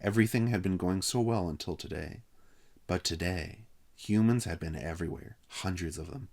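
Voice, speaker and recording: A man reading a children's novel aloud with steady, expressive narration. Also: low-pitched, moderate pace, gravelly. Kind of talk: read-aloud story narration.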